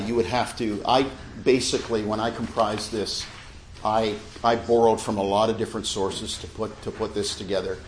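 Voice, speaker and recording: Low-voiced pastor man in an echoey hall. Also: a little hiss or hum. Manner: reads the statement in a forceful preaching voice; chatty, with restarts and laughter in the casual part. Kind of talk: church talk and read-aloud statement. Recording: echoey room with faint ambience.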